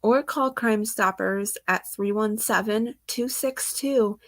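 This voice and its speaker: A woman's voice: mid-range voice, slow pace, fairly bright tone, no echo. A woman reading out news reports on missing children and commenting on them, emotional and sighing, close to tears. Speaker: true crime channel host.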